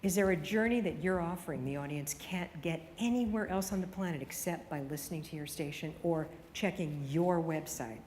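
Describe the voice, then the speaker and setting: A woman delivers a keynote to broadcasters in a large hall, with a long reverb trailing her words. Her voice sits a little low for a woman, and she drives her points with punchy, rapid-fire rhetorical questions. Faint room ambience hums underneath. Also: darkish tone, slight background noise. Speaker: radio consultant giving a keynote. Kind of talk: conference keynote.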